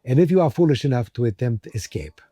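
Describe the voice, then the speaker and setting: A man voicing a stern male prison guard with an attempted Russian accent and slow, menacing threats. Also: mid-range voice, lively intonation, warm tone, dry recording, studio quality, lightly acted.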